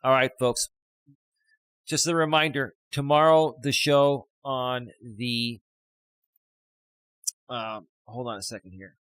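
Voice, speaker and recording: A man's voice: mid-range voice, steady tone, slow, long pauses, fairly bright tone, clean tone, no echo, low-quality recording. A middle-aged man hosting a live stream as a life coach, chatting casually and reading viewer comments aloud with lots of fillers. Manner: rambling, reads chat comments aloud, frequent fillers.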